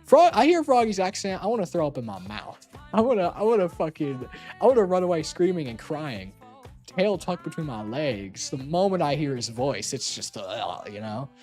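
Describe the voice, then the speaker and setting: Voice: medium pitch, very animated, normal speed, a little mellow, faint music behind. A streamer chatting casually on a call, rambling and teasing playfully with lots of filler words.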